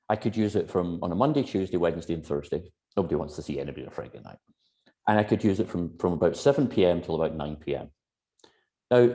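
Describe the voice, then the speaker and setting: A man, a guest hypnotherapist on a video call, telling stories lively, acting out quotes and laughing often. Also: low voice. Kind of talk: animated anecdotal storytelling.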